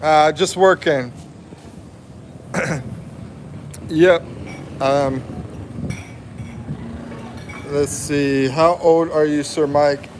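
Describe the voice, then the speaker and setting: A man's voice: a little high, fairly even intonation, extremely slow, pauses often, a little hiss or hum. A man in his fifties from the USA, hosting a casual livestream, reading viewer comments aloud and laughing often. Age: 50s. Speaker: livestream host.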